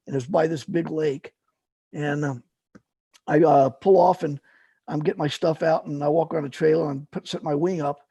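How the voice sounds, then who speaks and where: A man's voice: a little high, fairly even intonation, moderate pace, gravelly, dark tone, slightly rough, no room sound. A middle-aged man telling paramotor stories in a rambling, casual way, full of fillers and restarts. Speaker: guest, paramotor fly-in organizer. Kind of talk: casual storytelling.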